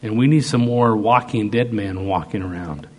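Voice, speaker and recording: A man preaching a sermon, slow and emphatic, piling up repeated phrases. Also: on the low side, a little mellow.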